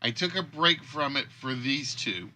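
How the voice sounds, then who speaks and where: A man's voice: mid-range voice, lively intonation, a little slow, pushed and bright, a little hiss or hum. A man hosting a casual livestream, rambling and thinking aloud about the games he builds. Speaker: game show host and creator.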